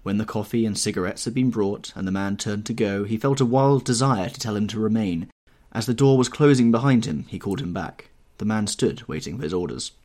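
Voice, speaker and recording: A man reading a classic novel aloud as an audiobook narrator, in an expressive, measured storytelling manner. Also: fairly low pitch. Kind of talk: scripted narration.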